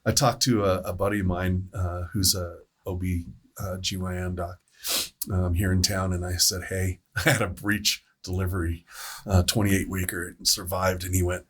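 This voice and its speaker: A man who works as a paramedic, telling a story on a podcast panel in a casual, animated way, acting out the voices he quotes. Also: sits low, normal speed, breathy edge. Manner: animated storyteller, acts out quoted voices, laughs between lines.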